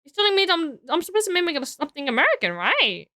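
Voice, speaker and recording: A woman's voice: extremely high pitch, very animated, fast, sharp tone, no echo, clean studio sound. A woman streaming, chatting casually and giggling as she builds and talks to her viewers, tired and trailing off into self-talk. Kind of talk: casual live-stream chat while building.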